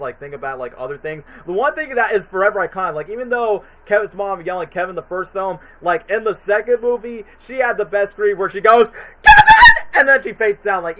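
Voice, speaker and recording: A man streaming casual commentary, retelling movie scenes in a rambling, animated way with quick put-on voices. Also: on the high side, rough recording.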